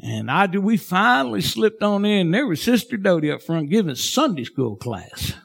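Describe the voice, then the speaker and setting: A man preaching a sermon as pastor, fervent and folksy, swinging from shouts to hushed tones. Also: high-pitched, very animated, normal speed, creaky.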